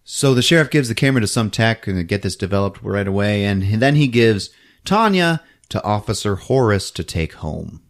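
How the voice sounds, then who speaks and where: A man hosting a podcast, recapping a movie in a casual comedic way and acting out the characters in quick voices. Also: fairly low pitch. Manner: animated, acts out characters in quick funny voices, laughs often.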